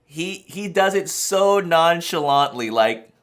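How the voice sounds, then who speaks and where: A man hosting a camera channel, reacting to a new release in a rambling, excitable way and laughing in disbelief. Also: on the high side, slow pace. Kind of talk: excited casual reaction vlog.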